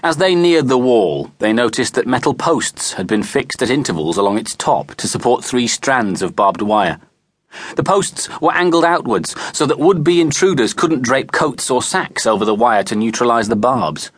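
A man narrating a children's audiobook in an expressive storytelling manner, recorded in a studio. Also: medium pitch, moderate pace. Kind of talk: scripted narration. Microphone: close studio mic.

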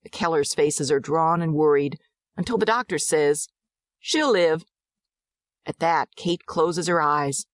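A woman narrating a dramatized audiobook in a measured, descriptive way. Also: low-pitched, dry recording, studio quality.

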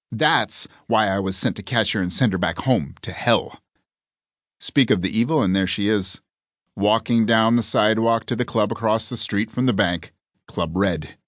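A man narrating a first-person fantasy audiobook in a wry, even manner. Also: on the low side, no echo, clean studio sound.

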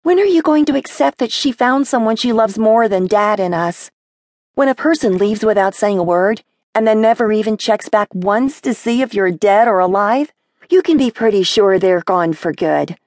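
A woman voicing a blunt, sharp-tongued seventeen-year-old girl in a brisk, scolding manner. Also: medium pitch, animated, dry recording, clean studio sound, voice pushed up, natural voice. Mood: exasperated.

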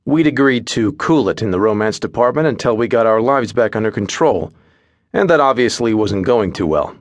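A man's voice: fairly low pitch, lively intonation, moderate pace, dry recording. Dry, wry male audiobook narrator. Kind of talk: first-person audiobook narration.

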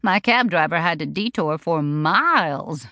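A woman's voice: deep voice, expressive, unhurried, bright, forceful tone, no room sound, clean studio sound, full character voice. Woman voicing a chirpy, self-absorbed sister. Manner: chirpy, turning acerbic.

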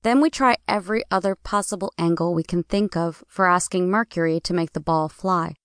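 A woman narrating a first-person audiobook in a clear, measured storytelling manner. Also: fairly low pitch, fairly bright tone, dry recording, studio quality.

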